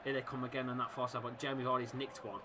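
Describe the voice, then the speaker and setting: A man hosting a live fan watchalong, commentating on the match and shouting encouragement at his team. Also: medium pitch, little pitch movement, fast talker. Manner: chatty, reacting and laughing at misses. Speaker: football fan watchalong host.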